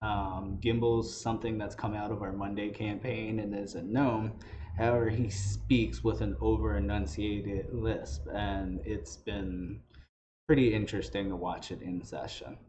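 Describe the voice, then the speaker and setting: In a casual tutorial, a tabletop game master with a lowish voice explains how to create character voices, speaking unhurriedly with fairly even intonation. His explanation is loose and conversational, full of restarts, and the lo-fi audio sounds dull with faint noise.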